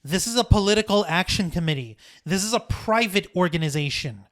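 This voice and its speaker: A man's voice: high-pitched, a little fast. A man co-hosting a podcast in a casual, sarcastic, swearing chat. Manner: animated, sarcastic, swears freely. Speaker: podcast co-host.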